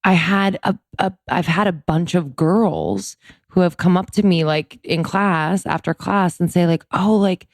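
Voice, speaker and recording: A woman's voice: fairly low pitch, measured pace, no echo, clean studio sound. A young adult woman co-hosting a podcast in casual chat, laid-back and laughing often. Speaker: podcast co-host.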